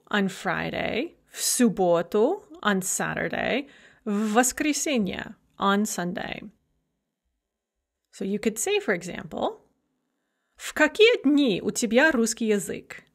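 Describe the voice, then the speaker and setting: In a recorded lecture, a female language teacher with a medium-pitched voice explains grammar methodically. She models the example phrases slowly and with care.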